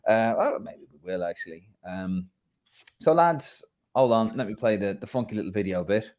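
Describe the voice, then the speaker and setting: An Irish man hosts a live football podcast with his mates. He chats loosely, full of banter and the odd swear word, and his pitch jumps about a lot as he talks. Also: normal speed, muffled recording. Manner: banter-filled, swears, lively swings in pitch. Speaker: podcast host. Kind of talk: casual football chat.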